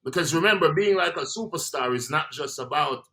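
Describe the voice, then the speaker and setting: A man's voice: on the high side, expressive, fairly quick, sharp tone. A man with a Jamaican accent, a guest in a casual interview, talking in a laid-back way and trailing off between phrases.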